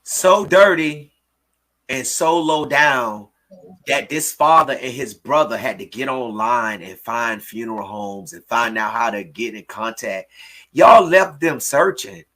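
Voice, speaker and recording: A woman hosting a livestream, talking in a fiery preaching way, repeating phrases and shouting in outrage. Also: a bass voice, a little slow. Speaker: livestream host. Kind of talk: impassioned livestream talk.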